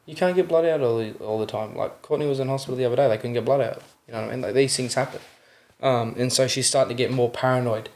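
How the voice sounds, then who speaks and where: A man's voice: mid-range voice, quick pace, darkish tone. A young Australian man telling a personal story as a podcast guest, earnest, often adding "you know what I mean" and acting out the voices in his retellings. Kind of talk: candid interview storytelling.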